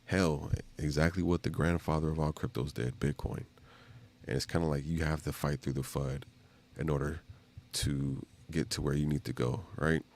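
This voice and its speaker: Super deep gravelly guy rambling on a live stream, lots of "like" and "man". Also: fairly even intonation, normal speed, darkish tone. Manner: rambling, loose slang with many fillers. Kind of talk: casual live-stream commentary.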